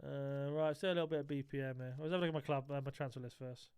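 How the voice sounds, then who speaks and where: A man's voice: medium pitch, fairly even intonation, quick pace, darkish tone, clear, resonant tone, no echo. A man live-streaming a football video game, chatting casually and joking with his viewers. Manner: banters with chat, jokey, self-described moaner.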